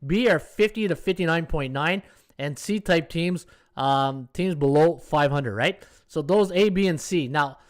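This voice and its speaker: A man in his fifties hosts a sports betting live stream with a fairly high voice for a man. He talks in a loose, chatty way and keeps checking in with his listeners. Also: measured pace. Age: 50s. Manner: chatty, tags lines with "right?". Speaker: sports betting podcast host. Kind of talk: casual live-stream commentary.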